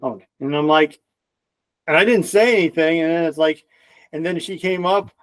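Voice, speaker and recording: A man's voice: fairly high pitch, normal speed, no echo. A young man as a podcast guest, recalling funny stories in casual chat and laughing along.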